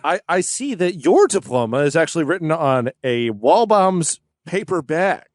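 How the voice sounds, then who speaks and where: A man's voice: on the high side, sing-song, moderate pace, no room sound. A man co-hosting a comedy podcast, joking around and teasing the others with dry quips. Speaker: podcast co-host. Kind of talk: casual joking banter.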